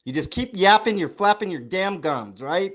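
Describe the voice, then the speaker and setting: Exasperated high-voiced man, lively delivery. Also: normal speed. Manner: exasperated, blunt, cutting. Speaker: panelist in a call-in debate. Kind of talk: heated online panel debate.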